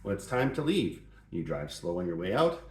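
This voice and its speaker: Brief: middle-aged male host, lively up-and-down delivery, playful mock-serious tone, roomy echo. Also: low-pitched, normal speed. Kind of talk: joking advice talk. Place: home shop or garage.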